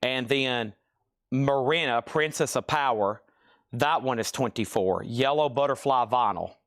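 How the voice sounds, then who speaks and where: A man hosting a live online vinyl sale, briskly rattling off titles, prices and buyer names in a casual sales patter. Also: mid-range voice, a bit bright, dry recording, studio quality.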